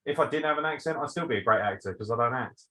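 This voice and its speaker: Brash man, bright voice. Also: mid-range voice, expressive, racing, rough recording. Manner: brash, swearing, sarcastic. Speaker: podcast host answering listener questions. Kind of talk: casual banter.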